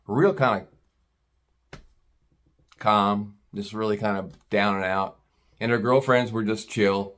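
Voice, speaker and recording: A man's voice: fairly low pitch, measured pace, long pauses, a bit bright. Middle-aged american guy rambling thru a story, blunt, cusses a lot, just chatting. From United States. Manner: rambling, blunt, swears freely. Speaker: vlogger. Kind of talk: casual storytelling monologue.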